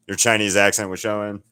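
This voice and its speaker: A middle-aged man from Alabama with a very low, deep voice chats loosely with his livestream viewers. He rambles from thought to thought and swears without a second thought. The sound is close and dry. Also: bright, forceful tone, no echo. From Alabama, USA. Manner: rambling, swears freely, talks straight to chat. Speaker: painter talking to viewers on a livestream. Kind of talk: casual livestream chat.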